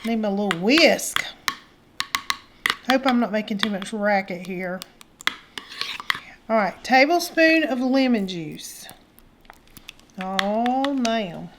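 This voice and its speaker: A woman's voice: medium pitch, animated, slow, pauses often, roomy sound, noisy background. An older woman, hosting a casual home cooking show in a folksy, affectionate way. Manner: folksy, affectionate, calls viewers honey and y'all. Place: home kitchen.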